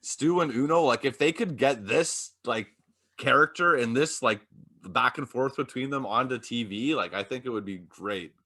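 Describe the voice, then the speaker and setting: Guy co-hosting a podcast, bright sharp voice, says like a lot, really into it. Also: medium pitch, normal speed. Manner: fillers with "like", enthusiastic praise. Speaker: podcast co-host. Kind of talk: casual chat.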